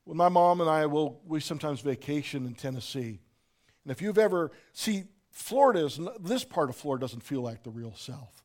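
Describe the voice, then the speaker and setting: A man preaching a sermon, dropping to a near hush and then rising to shouts. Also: on the high side, animated, a little fast. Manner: swings from soft hush to shouting. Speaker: pastor.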